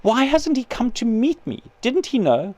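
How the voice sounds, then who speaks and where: A man's voice: very high voice, sing-song, normal speed, darkish tone, no echo, voice pushed up, exaggerated voice. A man reading aloud and voicing a grieving, possessive ghost mother who snaps and demands indignantly. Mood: disappointed, demanding. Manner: petulant, snapping, indignant.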